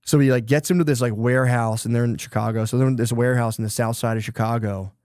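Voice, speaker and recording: A man's voice: medium pitch, steady tone, quick pace, darkish tone, smooth, dry recording, studio quality. A man co-hosting a podcast, casually retelling a book's plot in a rambling, profane way full of fillers and quoted lines. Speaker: podcast co-host.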